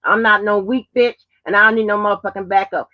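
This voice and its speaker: A woman's voice: medium pitch, steady tone, quick pace, no room sound, lo-fi sound. A woman hosting a live stream in loose, profane casual chat, laughing and trailing off between points. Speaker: livestream host.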